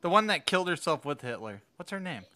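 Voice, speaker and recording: A man's voice: a little high, very animated, fast talker, bright, forceful tone. A man co-hosting a podcast in casual, crude chat, laughing often and swearing as he rambles. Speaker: podcast co-host.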